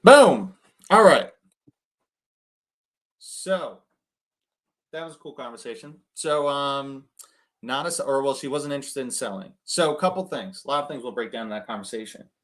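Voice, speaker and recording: A man coaching cold callers in a chatty, energetic way, full of fillers and restarts. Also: medium pitch, normal speed, long pauses. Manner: acts out phone calls, shifting his tone to match others. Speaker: real estate investor coaching cold callers. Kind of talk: casual coaching talk on a video call.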